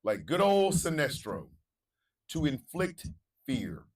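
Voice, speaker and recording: A high-voiced man with a wildly lively pitch hosts a morning talk show, chanting hype calls and ranting. He swings between shouting and low asides, and he sounds set back from the mic. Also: slow, distant mic, low-quality recording. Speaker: radio show host.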